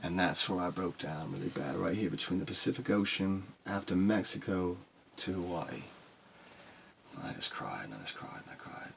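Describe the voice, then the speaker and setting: An actor playing a rough-talking male sailor who recounts his solo voyage in a rambling, emotional monologue. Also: low voice, steady tone, moderate pace, fairly bright tone, a little hiss or hum. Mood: anguished. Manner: profane, rambling and emotional storytelling. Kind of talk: dramatic monologue.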